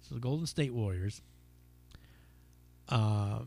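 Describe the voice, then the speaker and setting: A man's voice: mid-range voice, moderate pace, a bit bright, dry recording, faint music behind. A man hosting his own podcast, telling a stand-up story in casual, rambling talk full of swearing and fillers. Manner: rambling, profane, lots of fillers. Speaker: podcast host and stand-up comic.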